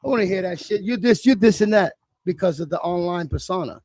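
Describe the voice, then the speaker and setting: A middle-aged man, talking bluntly and profanely in a casual chat, telling animated stories. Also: sits high, fast talker, dry recording. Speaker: livestream host.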